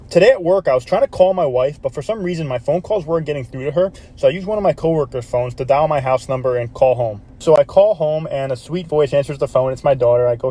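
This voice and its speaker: A man tells a joke as a storytime monologue, acting out every quoted line. His voice sits a little high and he talks very fast. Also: dark tone.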